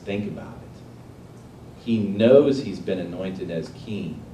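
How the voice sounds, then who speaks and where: A man's voice: sits low, expressive, takes it slowly, mellow, a little hiss or hum. A man preaching a sermon in a conversational way, asking his listeners questions and retelling a story. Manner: conversational, asks the audience questions. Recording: echoey room, voice from a distance.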